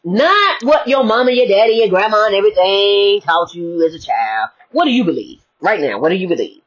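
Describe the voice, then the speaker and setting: A woman's voice: medium pitch, animated, brisk. A woman giving a preachy motivational spiritual talk, casual and full of rhetorical questions. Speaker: spiritual speaker. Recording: dull lo-fi recording.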